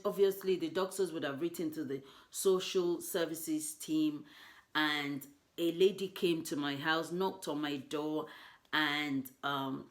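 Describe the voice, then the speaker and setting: A woman from Nigeria, a mother telling a personal story in an earnest, emotional way, with many "you know" asides. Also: deep voice.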